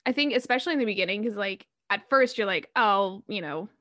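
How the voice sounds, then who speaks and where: Young woman, podcast co-host, casual and animated; higher voice, close dry mic. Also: fast, no room sound. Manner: animated, laughing, acts out her own reactions. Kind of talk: casual chat.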